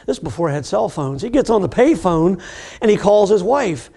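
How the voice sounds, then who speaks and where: A middle-aged man teaching about addiction recovery, telling a story in a relaxed, conversational way and acting out the people in it. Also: sits high, brisk. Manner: conversational, acts out the people in his stories. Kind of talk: storytelling lecture.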